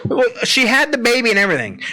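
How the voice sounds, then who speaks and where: A man's voice: extremely high pitch, huge pitch swings, fast, music in the background. A man from central Pennsylvania, co-hosting a podcast in casual chat, who laughs often and retells movie scenes with quoted lines. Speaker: podcast co-host.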